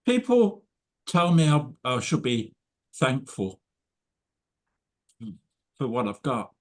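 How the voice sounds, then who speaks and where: A man's voice: mid-range voice, very animated. Stammering, sweary man at an open mic. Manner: halting, stammering, sweary drunken persona. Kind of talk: comic spoken-word performance. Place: live poetry night venue.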